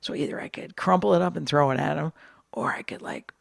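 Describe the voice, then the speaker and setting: Brash gravelly woman swearing freely. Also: low-pitched, brisk, dry recording, studio quality. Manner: brash, profane, storytelling with lively put-on quotes. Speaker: comedian and podcast guest. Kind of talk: casual podcast chat.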